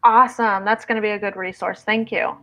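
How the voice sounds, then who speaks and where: A woman's voice: mid-range voice, fairly even intonation, a little fast, a bit bright, lo-fi sound, a little hiss or hum. A woman from Southern Indiana with a Midwestern twang, hosting a casual live stream and chatting while reading viewer comments aloud. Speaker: host of a writing stream.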